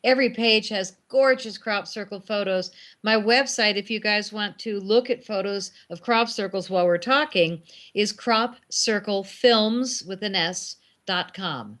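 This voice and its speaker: A middle-aged woman, a guest filmmaker, telling animated anecdotes in casual talk and acting out the lines of the people in them. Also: mid-range voice, measured pace, few pauses. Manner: animated anecdotes with acted quotes. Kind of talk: casual storytelling.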